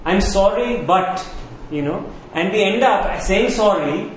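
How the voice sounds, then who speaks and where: A man's voice: high-pitched, lively intonation, a little slow, slight background noise. A man preaching a sermon, who asks his listeners questions and repeats key phrases. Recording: very echoey room with faint ambience.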